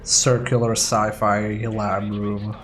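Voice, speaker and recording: A man's voice: on the low side, flat delivery, slow pace, faint music behind. A man streaming a video game, chatting casually and rambling with jokes as he plays. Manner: joking, rambling. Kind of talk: casual let's play chat.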